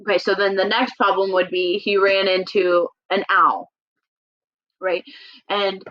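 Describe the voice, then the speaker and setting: A woman's voice: medium pitch, fairly even intonation, unhurried. A woman teacher explaining a lesson casually, chatty, with fillers and self-corrections. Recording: dull lo-fi recording.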